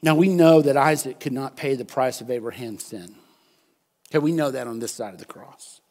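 A pastor delivering an impassioned sermon. He swings from hushed, quiet stretches to loud, emphatic peaks. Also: medium pitch, moderate pace. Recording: long hall reverb.

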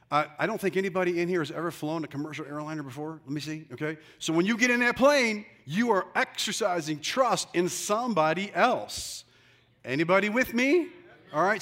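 A man delivers a sermon from a brightly lit church stage, teasing the congregation and urging them to speak up. His voice rings bright and sits a little high for a man. He keeps an upbeat, animated energy throughout. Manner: energetic, joking, calls on the congregation. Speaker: pastor.

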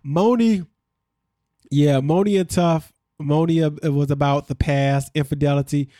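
A man's voice: fairly high pitch, moderate pace, mellow, no echo, clean studio sound. A man hosting a podcast, recapping a reality show in casual chat and acting out what people said.

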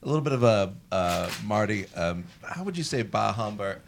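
A man's voice: lowish voice, expressive, moderate pace, vocal fry, slight background noise. A man hosting a podcast, rambling in a jokey way with many fillers. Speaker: podcast host.

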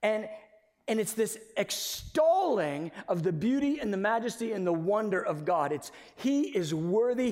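Man, preacher, passionate sermon, high voice, long hall echo. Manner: passionate, swings from loud declaring to hushed storytelling.

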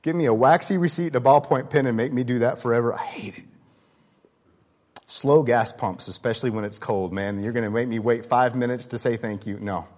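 Male pastor, sermon, conversational, candid, mid pitch. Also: fast, few pauses. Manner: conversational, candid, swings between loud emphasis and quiet asides.

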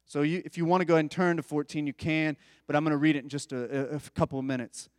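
Male preacher, slightly high voice, relaxed conversational sermon, dry close recording. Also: rapid-fire, dry recording, long reverb tail. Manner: conversational, informal asides. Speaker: pastor.

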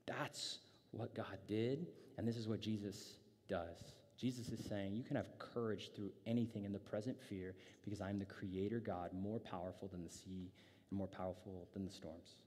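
A male pastor preaching a sermon in a relaxed, conversational way, restarting phrases often and reading scripture aloud. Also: on the low side, normal speed, slightly rough. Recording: long hall reverb.

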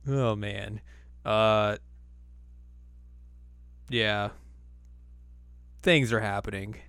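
A man's voice: lowish voice, fairly even intonation, extremely slow, a bit bright, clear, resonant tone, no room sound. Casual male co-host, rambling recap with laughs, dry close mic. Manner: laughing, rambling, acts out quotes. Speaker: podcast co-host. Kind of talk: casual anime recap chat.

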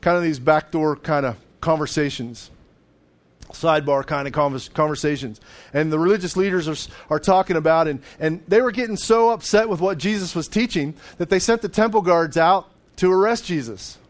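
A man's voice: on the high side, a little fast. A man preaching a sermon in a conversational way, sometimes acting out voices of the people in the story. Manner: conversational, acts out voices of biblical figures, with laughs. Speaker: pastor.

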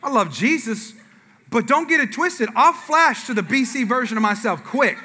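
A man's voice: extremely high pitch, lively intonation, normal speed, pushed and bright, husky. A man preaching a sermon in a church, telling a family story with acted-out dialogue and asides to the congregation. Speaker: pastor.

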